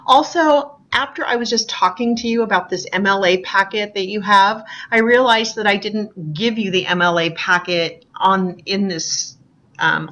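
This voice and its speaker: A woman's voice: mid-range voice, pushed and bright. A woman teaching an English class in a recorded online lecture, talking casually with frequent ums and small apologies. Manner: chatty, self-deprecating, many ums. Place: screen recording at a computer.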